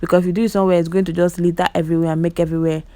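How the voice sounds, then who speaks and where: Very fast and flat in delivery, this woman's warm, low voice carries a Nigerian Igbo accent as she gives chatty vlog commentary on clips in a dry recording. She often exclaims, talks to viewers directly, and repeats words for emphasis.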